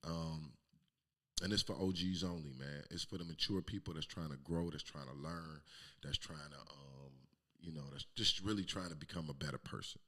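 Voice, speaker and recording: A middle-aged man hosting his own podcast, telling a raw, emotional personal story with plenty of profanity and sometimes dropping to a hush. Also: a bass voice, moderate pace. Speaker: podcast host. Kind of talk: candid personal monologue.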